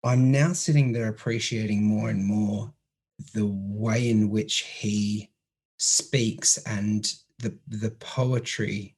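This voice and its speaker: A man's voice: on the low side, steady tone, slow, a little mellow, breathy edge. A man with an Australian accent, a comedian guest in a casual podcast chat, talking in a reflective, meandering way with many fillers.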